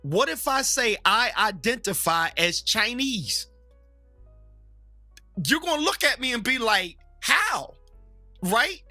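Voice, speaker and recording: A man's voice: very high voice, expressive, sharp tone, no echo, faint music behind. A man who is a Baptist preacher, talking frankly and animatedly as a guest, joking and acting out other people's voices. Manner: frank and joking, drops into slow emphatic phrasing. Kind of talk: casual opinionated chat.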